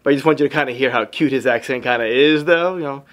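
A man's voice: mid-range voice, fairly quick, a bit bright. A man who works as a photographer, giving an upbeat motivational talk to his viewers and calling them y'all. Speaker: photographer and vlogger.

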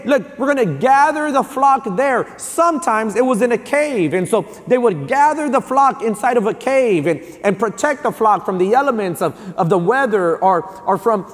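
A male pastor preaching a sermon, telling a story with frequent restarts and repeated words. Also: high-pitched. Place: church hall. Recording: long church-hall reverb.

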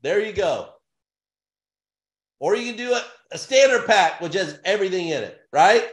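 A man giving an energetic business opportunity pitch in punchy, repetitive short phrases with bursts of excitement. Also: moderate pace. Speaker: sales presenter. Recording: roomy echo.

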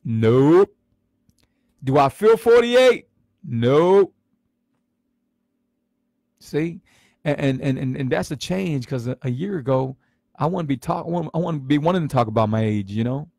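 A man's voice: medium pitch, brisk, vocal fry, dark tone, no room sound, clean studio sound. A man in his forties talking in a casual livestream, earnest and emotional, who repeats himself and stumbles over his words. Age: 40s. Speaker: vlogger sharing his health story on a livestream.

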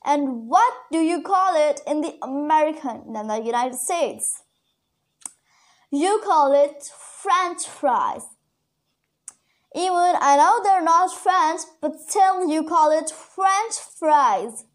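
A woman teaching English vocabulary in a chatty online lesson, repeating key words slowly for learners; her first language is Urdu. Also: high voice, lively intonation.

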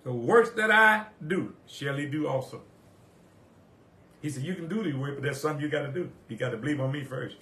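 A male preacher, delivering a sermon. He repeats his phrases and quotes scripture in old wording, swinging from quiet reflection to loud, rising exhortation. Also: fairly high pitch, animated, a little fast. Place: church sanctuary. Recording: echoey church room.

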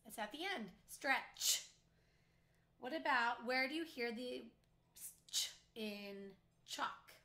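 Woman, phonics teacher, slow and deliberate, letter-by-letter sounds, higher voice. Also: pushed and bright. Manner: clearly sounding out letters one by one. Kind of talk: slow phonics lesson for young children. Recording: echoey room.

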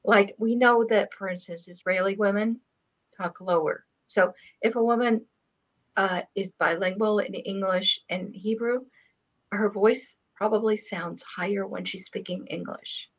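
A woman's voice: medium pitch, steady tone, measured pace, muffled recording. An older woman in casual conversation, telling stories with hesitant restarts and fillers. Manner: rambling, hesitant storyteller. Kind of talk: casual chat.

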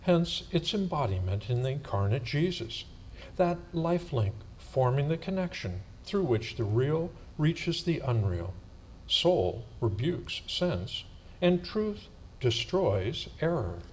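A man reading religious texts aloud at a church service, slow and solemn. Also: on the high side, very animated, a little hiss or hum.

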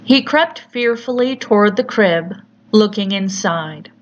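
Slow, deliberate woman narrating horror. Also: medium pitch, animated. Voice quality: measured, deliberate storytelling. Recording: slightly muffled with faint hiss.

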